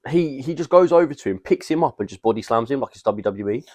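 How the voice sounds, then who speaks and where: A young man co-hosting a podcast, telling a rambling, slangy, animated story in casual chat. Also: medium pitch, fast, no echo. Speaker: podcast co-host.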